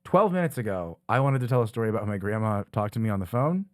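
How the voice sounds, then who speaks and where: A young adult man co-hosting a comedy podcast, teasing his friend playfully with quick asides and laughs. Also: fairly low pitch, darkish tone. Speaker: podcast co-host. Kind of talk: casual comedy podcast banter.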